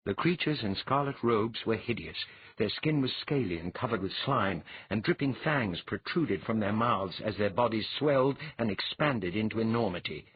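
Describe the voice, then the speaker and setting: A man narrating a fantasy audiobook in a measured, old-fashioned storytelling manner. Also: fairly low pitch, expressive, slightly rough, no echo. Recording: muffled, narrow phone-like sound.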